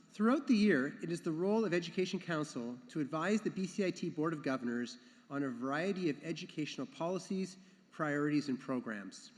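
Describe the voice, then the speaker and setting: A man speaking as the education council chair at a graduation ceremony, earnest and sometimes repeating himself. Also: fairly high pitch. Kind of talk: ceremony speech. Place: large hall. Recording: long hall reverb.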